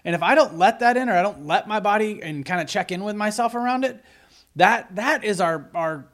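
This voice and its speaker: A man's voice: high voice, expressive, brisk, a bit bright. A man co-hosting a conversational podcast, talking earnestly about relationships, often restarting his sentences. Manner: earnest, with frequent restarts and repeated words. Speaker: podcast co-host.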